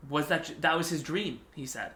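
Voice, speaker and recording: A young man co-hosting a podcast in casual chat, getting excited and rising in pitch when he makes a point. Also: brisk, reverberant. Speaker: podcast co-host.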